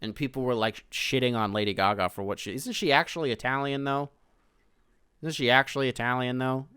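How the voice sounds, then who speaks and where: A man hosting a podcast, ranting casually and profanely about movies, with loud outbursts. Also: medium pitch, smooth, no room sound, clean studio sound. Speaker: podcast host. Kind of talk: casual solo rant.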